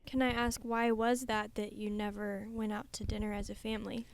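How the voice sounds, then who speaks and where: A woman hosting an interview, asking her guest questions in a gentle, tentative way. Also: mid-range voice, little pitch movement, normal speed. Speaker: podcast host.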